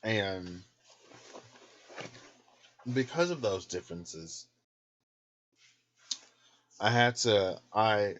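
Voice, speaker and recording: Man, very low voice, casual candid ramble, snacking in bed, slightly dull lo-fi audio. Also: drawn-out words, long pauses, fairly bright tone. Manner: candid, loose and chatty, laughs often; snacking while talking. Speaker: tarot channel host. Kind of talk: casual late-night rambling vlog. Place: in bed at home.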